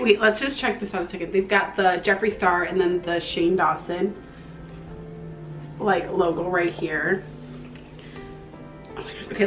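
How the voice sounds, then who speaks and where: Young woman, beauty vlogger, gushing and slangy, mid pitch, echoey room. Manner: gushing, excitable, slangy, with breathy exclamations. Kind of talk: casual makeup review vlog.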